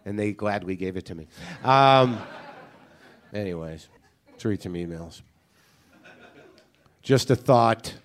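A man's voice: fairly low pitch, lively intonation, slow, pauses often, a crowd in the background. A man hosting a podcast, telling an exasperated, profane story in a casual comedic monologue. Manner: ranting, profane, incredulous storytelling. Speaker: podcast host.

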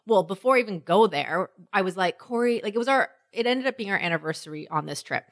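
A woman co-hosting a casual chat, telling stories in an animated way, swearing freely and acting out what people said. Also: medium pitch, fast. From Canada.

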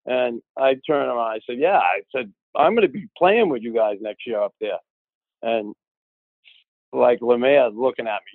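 A man telling a long casual anecdote, lively and acting out the voices of the people he quotes. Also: medium pitch, normal speed, no echo. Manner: animated, acts out quoted voices. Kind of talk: casual storytelling. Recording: tinny phone-like audio.

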